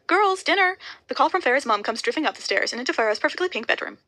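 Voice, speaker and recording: A woman reading a novel aloud, rushing and often stumbling over words. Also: fairly high pitch, animated, sharp tone, low-quality recording. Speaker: audiobook reader.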